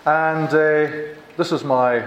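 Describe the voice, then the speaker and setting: An older man with a Scottish accent giving a chatty, self-deprecating conference talk, halting and restarting as he goes. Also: a little high, fairly even intonation, roomy sound, a little hiss or hum. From Scotland. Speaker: visiting university lecturer. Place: large lecture hall.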